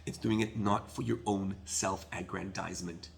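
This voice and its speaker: A man's voice: sits low, steady tone, normal speed, vocal fry, a little hiss or hum. A man giving a sermon as a rabbi, impassioned and full of rhetorical questions, dropping in Hebrew terms.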